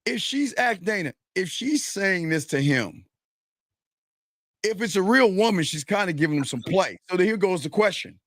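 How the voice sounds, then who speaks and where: A man's voice: high voice, animated, normal speed, a bit bright, no room sound, clean studio sound. A man hosting a talk show, blunt and exasperated, pressing a caller with repeated questions. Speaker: host. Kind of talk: casual chat.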